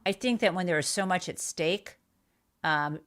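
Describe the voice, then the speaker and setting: A woman's voice: on the low side, normal speed, fairly bright tone. A woman hosting a live political podcast, blunt and outraged, swearing freely as she talks. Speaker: livestream podcast host. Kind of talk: casual political livestream commentary.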